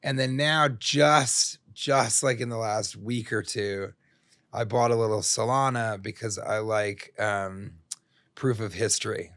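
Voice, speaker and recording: A man's voice: lowish voice, measured pace, a bit bright, no room sound, studio quality. A middle-aged man, a comedian guest on a podcast, telling long rambling stories full of jokes and swearing. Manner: rambling, profane, jokey storytelling. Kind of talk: casual interview chat.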